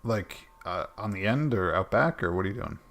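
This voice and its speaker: A man's voice: fairly low pitch, lively intonation, moderate pace, fairly bright tone. A man running a tabletop game as dungeon master over online voice chat, hesitant and full of fillers.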